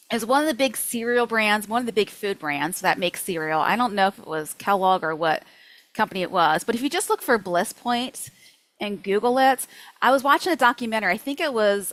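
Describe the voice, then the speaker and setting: A woman nutrition coach teaching a workshop in a lively, chatty way, acting out her own thoughts. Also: mid-range voice, no room sound, poor audio.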